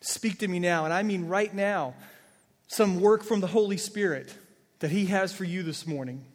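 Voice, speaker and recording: Man, pastor, sermon, earnest, direct, slightly high voice, long church-hall reverb. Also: moderate pace. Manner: earnest, direct, repeats words when searching for them. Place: church sanctuary.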